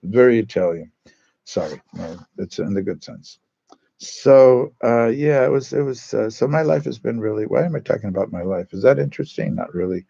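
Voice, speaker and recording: A man's voice: mid-range voice, animated, normal speed, gravelly, mellow, highs cut off. A man, a Catholic priest, telling stories to a parish group in a chatty, digressive way with many asides, speaking in a church. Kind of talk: casual storytelling talk to a parish group.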